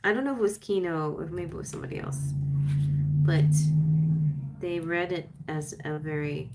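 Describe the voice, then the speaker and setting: A woman's voice: low-pitched, normal speed, very noisy. A woman giving a chatty live-stream tarot reading, reading guidebook passages aloud between her own comments. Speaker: tarot reader.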